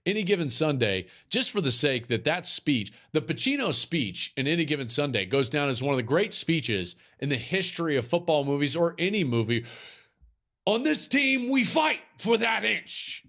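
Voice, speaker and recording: A man's voice: on the high side, lively intonation, brisk, few pauses, a bit bright. A man hosting a football podcast, talking in a casual, emphatic way and repeating his points for effect. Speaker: podcast host. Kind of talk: casual chat.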